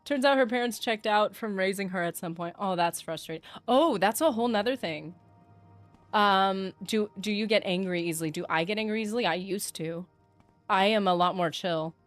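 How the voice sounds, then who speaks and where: A woman's voice: medium pitch, normal speed, no room sound, soft background music. A woman streaming a game, chatting with her viewers in a reflective, talkative way. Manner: chatty and reflective, reads chat aloud. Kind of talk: casual livestream chat.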